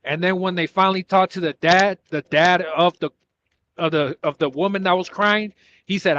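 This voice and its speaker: A man co-hosting a talk show, telling a story in a lively way, with halting repeats. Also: sits high, dull audio. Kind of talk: casual chat.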